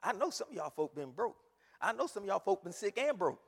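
Male preacher, high lively voice, sermon in a reverberant church. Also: brisk, creaky, slightly rough. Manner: animated, repeats phrases, rises to shouts. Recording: long hall reverb.

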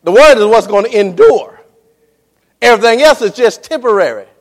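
A man with a strikingly high voice delivers a sermon full of fervor. He stretches out key words with dramatic pauses, repeats phrases for emphasis and keeps calling on the congregation to watch and follow. His voice rings with a long reverb through a large church hall. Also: expressive. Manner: fervent preaching with repeated calls to the congregation. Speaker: preacher.

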